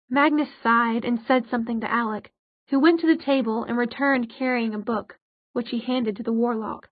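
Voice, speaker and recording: A woman reading fiction aloud, in a steady, even storytelling manner. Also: on the high side, moderate pace, dry recording. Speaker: audiobook narrator. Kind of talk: scripted fiction narration. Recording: dry, phone-like narrow sound.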